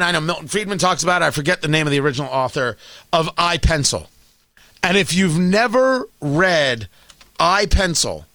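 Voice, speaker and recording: A man hosting a talk show, delivering an animated, sarcastic political rant. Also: high-pitched, dry recording. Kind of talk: opinionated political monologue.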